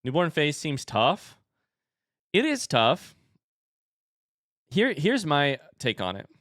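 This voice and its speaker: A man in his thirties talks casually to his stream, his pitch bouncing up and down as he rambles. The sound is dry and close to the microphone, with no room around it. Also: slow, no echo. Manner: chatty and animated, baby-talks his dogs. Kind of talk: casual live-stream chat.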